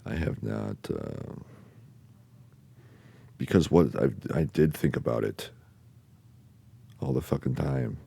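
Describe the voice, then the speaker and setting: A man hosting a podcast, telling a personal story in a halting way, with many pauses and fillers, casual swearing, and sentences that trail off quietly. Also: a bass voice, huge pitch swings, gravelly, husky. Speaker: podcast host.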